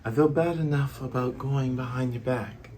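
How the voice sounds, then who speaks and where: A man voicing a frail, sick young woman who pleads in a raised voice and sulks quietly. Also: on the high side, measured pace, slight background noise, voice pushed up, natural voice. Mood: sulky.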